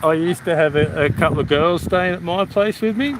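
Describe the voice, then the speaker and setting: An Australian dad in middle age talks in a loose, rambling way and laughs often. His voice sits a little high. Steady background noise comes through the recording from inside his car. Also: a little fast. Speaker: channel host, father. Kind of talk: casual chat with livestream viewers while driving. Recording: noisy outdoor background.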